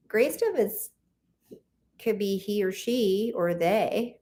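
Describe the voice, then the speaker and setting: Slow-talking woman host with a gravelly edge. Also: mid-range voice, expressive. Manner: chatty, warm greetings to viewers. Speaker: livestream host. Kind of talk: casual livestream chat, reading viewer comments.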